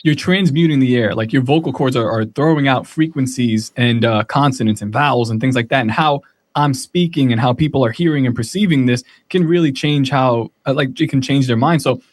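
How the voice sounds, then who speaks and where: A man's voice: mid-range voice, a little fast, no room sound. A man talking as a podcast guest in casual chat, rambling and reaching for words with many fillers.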